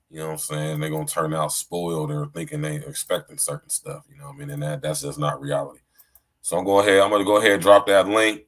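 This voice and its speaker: A man's voice: deep voice, a bit bright. A middle-aged man hosting a podcast livestream in a casual, slangy chat style, often saying "you know what I'm saying.". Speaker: podcast host.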